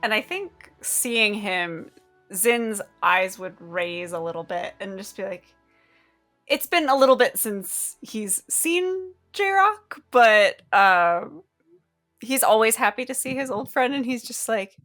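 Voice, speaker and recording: A woman's voice: medium pitch, animated, takes it slowly, fairly bright tone, soft background music. A woman describing her character's actions in a tabletop game, casual and a little hesitant. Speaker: player. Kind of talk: casual role-play narration.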